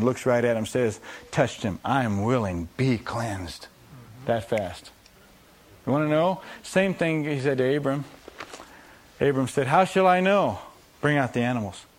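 A man preaching a sermon, acting out scripture voices and repeating phrases for emphasis. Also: fairly high pitch.

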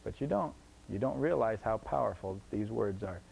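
A man's voice: on the low side, lively intonation, normal speed, creaky, darkish tone, husky, poor audio. A man preaching a sermon emphatically, repeating his points and asking the congregation rhetorical questions.

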